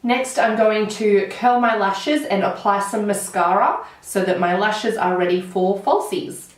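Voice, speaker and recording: In a roomy recording from a distant mic, a beauty vlogger in her twenties chats through a get-ready-with-me session. Her Australian voice sits at medium pitch and moves at a measured pace as she tells animated stories while doing her makeup, saying "like" a lot.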